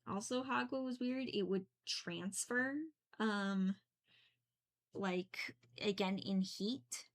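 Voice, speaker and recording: Young woman rambling slow while she paints, lots of "like" and giggles. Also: medium pitch. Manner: rambling, many fillers, giggly. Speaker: painting streamer. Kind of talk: casual chat while painting.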